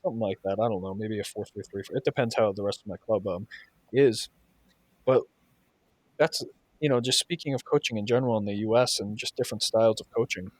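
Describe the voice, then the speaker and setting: A podcast host who coaches soccer tells heated, swear-filled stories about coaching in casual conversation. His voice is on the low side and brisk, recorded dry with no room sound.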